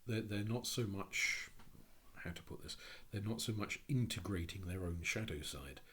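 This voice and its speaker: A man giving a reflective spoken talk on psychology, thinking aloud in a halting way with frequent restarts. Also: low voice, fairly bright tone, breathy edge. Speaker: speaker on Jungian psychology.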